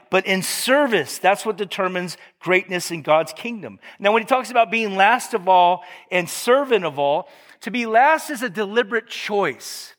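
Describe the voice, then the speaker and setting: A man's voice: high-pitched, bright, forceful tone, in a large hall. A male pastor preaching a sermon in a conversational way, with joking asides and frequent self-corrections.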